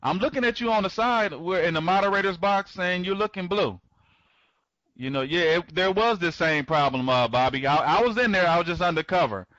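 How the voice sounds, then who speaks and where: A man with a fairly high, bright, forceful voice hosts an online members' conference over a live webinar. He wanders back over the same points, greets newcomers by name, and keeps stammering and restarting. The sound is dull, lo-fi, and dry, close up with no room sound.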